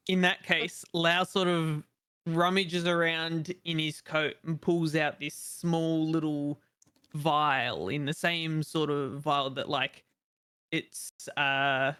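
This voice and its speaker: Male player, slow hesitant delivery, bright clear voice, dry close mic. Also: a little high, flat delivery, no echo. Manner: slow, hesitant, describes actions haltingly. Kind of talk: casual tabletop game play.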